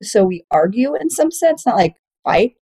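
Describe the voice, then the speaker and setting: A woman's voice: fairly high pitch, sing-song, moderate pace, mellow, husky. Candid, swearing woman comedian chatting. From Texas. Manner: candid, swears often, laughs through her stories. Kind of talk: casual podcast chat, storytelling.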